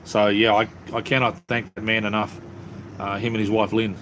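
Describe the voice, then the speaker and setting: A man's voice: lowish voice, little pitch movement, normal speed, a bit bright, slight background noise, poor audio. A man with an Australian accent chatting casually on a live stream, answering viewers in an easygoing way with lots of ums and restarts. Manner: easygoing, repeats "it's all good, mate", many ums and restarts.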